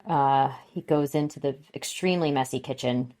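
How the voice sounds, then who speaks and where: A woman's voice: a bass voice, moderate pace, dark tone. A woman co-hosting a podcast, recapping a TV episode in casual chat and acting out scenes with little voices and sounds. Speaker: podcast co-host.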